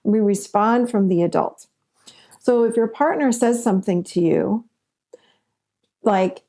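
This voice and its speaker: A woman's voice: mid-range voice, a little slow, pauses often, dark tone. A woman coaching listeners on relationships in an earnest teaching monologue, repeating points for emphasis and acting out sample dialogues.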